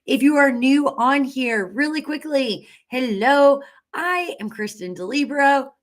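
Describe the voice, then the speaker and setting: A woman's voice: high-pitched, lively intonation, unhurried. Bubbly woman hosting a cheerful live stream. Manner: bubbly and enthusiastic, cheering viewers with whoops. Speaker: livestream host. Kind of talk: upbeat live-stream chat with viewers. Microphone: webcam.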